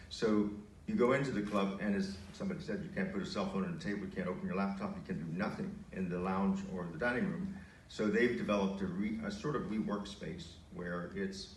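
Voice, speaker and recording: A man with a low voice shares anecdotes on a conference panel in an easy, conversational way. He is caught from a distance in an echoey hall with faint background noise.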